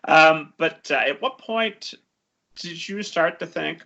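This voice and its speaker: A man's voice: on the high side, slow pace, vocal fry, bright, forceful tone. A man hosting a podcast, asking earnest, chatty questions. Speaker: podcast host. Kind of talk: podcast interview. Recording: dull lo-fi sound.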